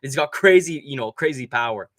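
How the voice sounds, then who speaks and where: A young man riffs through a casual livestream, loose and profane, full of slang. His voice is bright and sharp with a lively, jumpy pitch, and it sounds dry and close to the mic. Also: brisk, no echo. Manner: profane, excitable, loose slangy talk with lots of "bro" and "dude". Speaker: livestream host.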